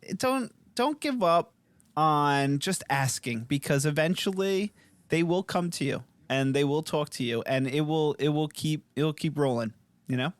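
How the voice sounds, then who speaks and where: A man's voice: fairly high pitch, measured pace, dry recording. A man co-hosting a parenting podcast, talking in a rambling, earnest way and laughing easily. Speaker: podcast co-host. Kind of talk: casual podcast chat.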